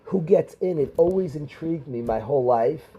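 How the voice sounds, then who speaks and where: A middle-aged rabbi, teaching a class of students and calling on them by name with questions. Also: male voice, fairly high pitch, animated, moderate pace, husky, dull audio. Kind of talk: Torah class.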